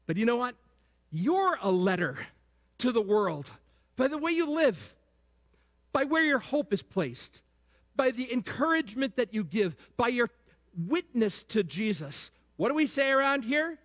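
Male pastor with a very high voice, preaching and prompting the congregation with questions, long church reverb. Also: sing-song, unhurried, fairly bright tone. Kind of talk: sermon. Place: church sanctuary.

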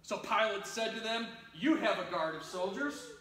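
This pastor's voice sits high, a bit bright, and swings widely in pitch as he moves at a moderate pace through an Easter sermon. Recorded in a reverberant church sanctuary, he dramatizes the story and performs news-report voices.

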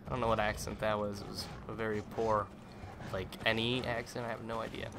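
A young man hosting a let's play, giving playful, joking commentary with sudden loud outbursts as he plays. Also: on the low side, level tone, brisk, creaky, background noise. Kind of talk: gameplay commentary.

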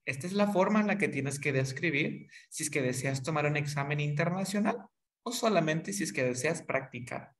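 A man teaching a one-on-one lesson, patiently saying each word slowly and repeating it. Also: on the high side, lively intonation. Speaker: English tutor.

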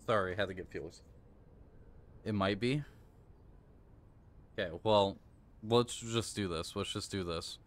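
Frustrated male streamer, low voice. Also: measured pace, long pauses. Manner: frustrated, swearing, coaching himself aloud. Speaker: live gaming streamer. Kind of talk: casual live-stream commentary.

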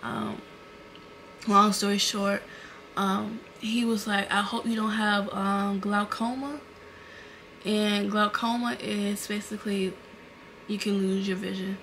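A young woman vlogger, retelling an emotional story to camera in a casual, animated way with lots of fillers, recorded indoors at home on a camera mic. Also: medium pitch, slow, long pauses, a little hiss or hum.

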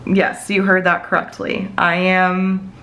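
A woman in her thirties talks in a loose, chatty way from her home office, her sentences wandering and padded with fillers. Her voice sits on the lower side. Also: completely flat delivery, slow pace, sharp tone, a little hiss or hum, low-quality recording. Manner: rambling, many fillers like "like" and "you know". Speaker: planner vlogger. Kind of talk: casual chatty plan-with-me talk.

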